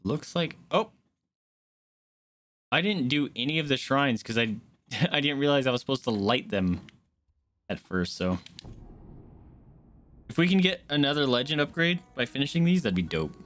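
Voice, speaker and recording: A man streaming a game live, chatting casually with viewers and reacting out loud. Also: medium pitch, very animated, normal speed, pauses often. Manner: chatty, greets chat, squeals when startled.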